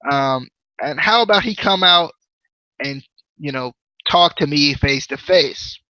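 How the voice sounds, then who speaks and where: A podcast host playing a menacing wrestling cult leader who drags out every word in a slow, threatening drawl. The sound is dull and dry. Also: male voice, a little high, lively intonation, sharp tone, no room sound.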